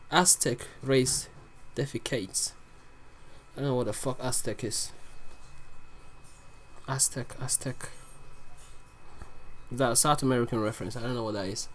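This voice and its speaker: A reaction video host casually commenting on lyrics, excitable and profane, explaining the lines aloud. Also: mid-range voice, moderate pace, long pauses, a little hiss or hum.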